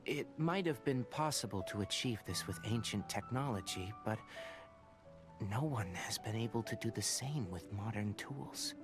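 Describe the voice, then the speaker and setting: An actor voicing a calm, somber young male scholar in a video game, explaining things in a measured way. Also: on the low side, over music.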